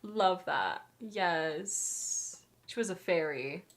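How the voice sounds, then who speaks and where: A woman's voice: lowish voice, drawn-out words. A young woman streamer chatting casually with her viewers, often laughing and apologizing as she reads chat.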